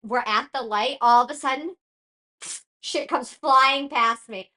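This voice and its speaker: A woman in her thirties co-hosting a podcast, telling stories about her kids in casual chat, lively, laughing and swearing. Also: sits high, a little slow. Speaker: podcast co-host.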